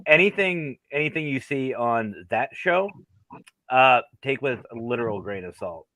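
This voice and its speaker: A man's voice: medium pitch, expressive, measured pace, sharp tone, no room sound, rough recording. A man who works as a paranormal investigator, talking in a straightforward, matter-of-fact way on a casual podcast.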